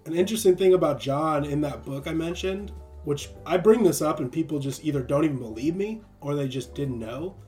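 A young man in casual conversation about faith, animated and laughing often, acting out quick voices. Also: fairly high pitch, faint music behind.

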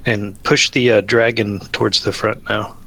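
Bright-toned low man at a tabletop game. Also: flat delivery, normal speed, a little hiss or hum, poor audio. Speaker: player. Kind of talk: casual tabletop chat.

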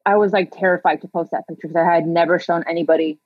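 Chatty woman guest in her 30s, kinda husky, lots of likes and ums, dry slightly muffled audio. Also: lowish voice, steady tone, quick pace, no echo. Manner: chatty, laughs often, many fillers. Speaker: interview guest. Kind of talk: personal storytelling in conversation.

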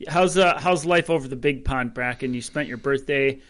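A man's voice: medium pitch, moderate pace, a bit bright. A man co-hosting a running podcast in casual chat, joking and teasing his co-host.

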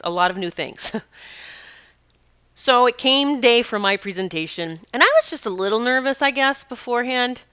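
A woman's voice: fairly high pitch, pushed and bright, clear, resonant tone, no room sound. A woman hosting a spiritual podcast, telling a story in a chatty way and laughing often. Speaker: podcast host. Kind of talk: casual spiritual podcast monologue.

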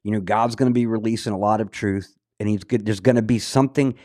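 A man's voice: on the low side, fairly even intonation, fast, a little mellow, dry recording. Earnest man in a dry podcast chat. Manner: earnest, conversational, with filler words. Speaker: podcast co-host. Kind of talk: casual chat.

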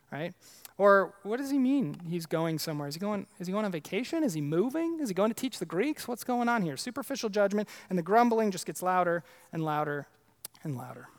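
High-voiced man preaching with emphasis. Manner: emphatic, repetitive preaching with conversational asides. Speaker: pastor. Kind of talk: sermon.

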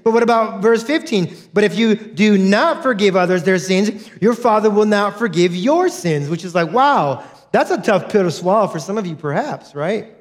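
A man's voice: sits high, animated, normal speed. A man preaching a sermon as a pastor, earnest and direct, repeating key points to his congregation.

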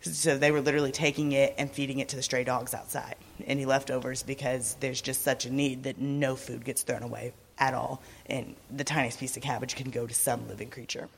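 Woman with a lost, raspy voice giving a casual church talk in an echoing hall. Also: a bass voice, level tone, brisk, few pauses, slight background noise. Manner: laughs often, chatty. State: hoarse, lost her voice. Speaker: mission trip speaker. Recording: echoey hall.

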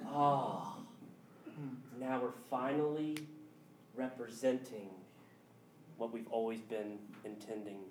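A pastor delivering a sermon and acting out dialogue with God in voices, at times loud and exclaiming, at times hushed. The voice is picked up from far off and rings through a roomy hall. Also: mid-range voice, a little hiss or hum.

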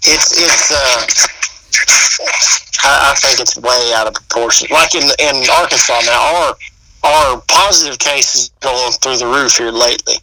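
A man's voice: medium pitch, a little slow, sharp tone, slight background noise, poor audio. A man in laid-back casual chat, agreeing often and telling short stories.

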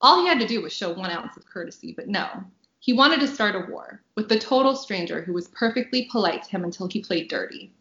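A woman author reading a passage from her own novel aloud on a podcast, bubbly and quick to laugh between lines. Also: medium pitch, expressive, a bit bright, reverberant, lo-fi sound. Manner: bubbly, laughs often, reads with dry punchy delivery.

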